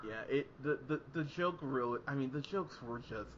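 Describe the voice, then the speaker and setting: A man's voice: medium pitch, moderate pace. A man reviewing a movie on a podcast in casual, profane chat, rambling and laughing as he quotes scenes. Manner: rambling, laughing, quoting in animated voices. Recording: dull lo-fi podcast audio.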